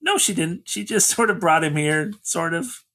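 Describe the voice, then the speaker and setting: Give me a man with a high, bright voice rambling through a film's plot on a casual review podcast. He talks loosely, with lots of "you know" and "like" as he retells scenes. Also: lively intonation, normal speed. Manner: rambling recaps, quotes characters. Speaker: podcast co-host. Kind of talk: casual movie-review chat.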